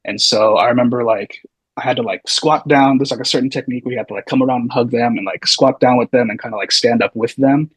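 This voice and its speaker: A man in his thirties tells stories in a relaxed, rambling way as a podcast guest. His voice has a slightly husky edge, and the recording is close and dry, with no room sound. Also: medium pitch, quick pace, no echo, low-quality recording. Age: 30s. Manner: loose, meandering, full of hedging asides. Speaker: podcast guest, physical therapy student. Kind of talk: casual storytelling.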